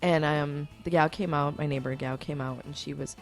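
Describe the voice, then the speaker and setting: A young woman hosting a casual morning radio chat, animated and acting out quotes as she tells a story. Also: low voice, normal speed, soft background music. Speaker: radio host.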